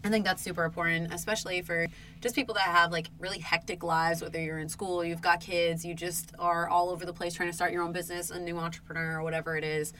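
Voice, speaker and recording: A woman co-hosting a casual chat podcast, animated and given to acting out what others say. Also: on the low side, quick pace, slight background noise. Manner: animated, acts out quoted bosses. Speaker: podcast co-host.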